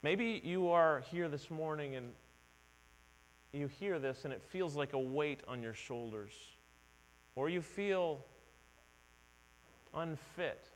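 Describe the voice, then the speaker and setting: A man's voice: a little high, slow pace, long pauses. A middle-aged male pastor preaching a conversational, earnest sermon in a church. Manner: conversational, earnest, acts out quoted voices. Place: church sanctuary. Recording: long hall reverb with mains hum.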